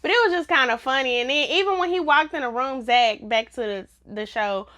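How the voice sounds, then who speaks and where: A woman's voice: sits high, brisk, pushed and bright. A woman giving a casual, blunt TV review in a vlog, laughing often. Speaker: TV show reviewer.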